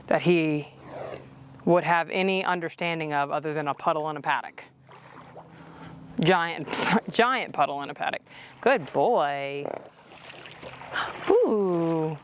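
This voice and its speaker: A woman's voice: low voice, measured pace, pauses often, slight background noise. Woman trainer explaining groundwork outdoors. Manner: coaxing praise to the horse between explanations. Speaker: horse trainer. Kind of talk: instructional talk while working a horse. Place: outdoor cross country course.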